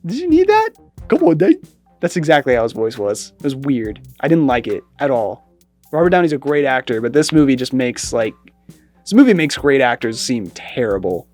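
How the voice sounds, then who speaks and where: A woman chatting sarcastically as a movie reviewer, animated and mocking, with light music behind. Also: extremely low pitch, moderate pace. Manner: sarcastic, animated, mimics lines in exaggerated voices. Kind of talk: casual review chat.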